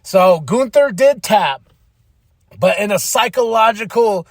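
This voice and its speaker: Podcast host, male, fairly high voice, dry close sound, excitable recap of the night's matches. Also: slow, no room sound. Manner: excitable, acts out quotes. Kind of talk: casual recap of a wrestling show.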